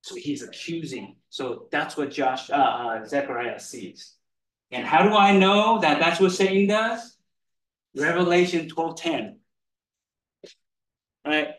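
A man's voice: a little high, slow, pauses often, fairly bright tone. A man preaching a conversational sermon, laughing often and checking in with "right?" as he explains the passage. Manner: chatty, laughs often, keeps asking "right?". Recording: echoey room, mic far off.

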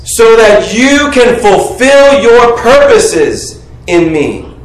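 A man preaching a sermon, calling on the congregation to finish his sentences and shout out answers. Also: very high-pitched, drawn-out words. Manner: animated, coaxes the congregation to call out answers. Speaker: pastor. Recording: echoey room, heard from a distance.

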